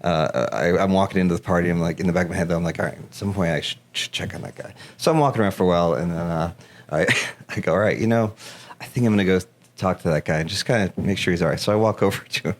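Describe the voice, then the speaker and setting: A man in his thirties with a fairly low voice tells a story as a podcast guest. He is animated, laughs often and acts out the dialogue as he goes. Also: rapid-fire. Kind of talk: casual storytelling.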